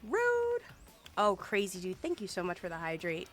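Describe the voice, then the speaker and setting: This woman's voice sits lowish and moves a little fast over soft background music. She streams a game with animated, playful chatter, humming and singing little snippets as she plays.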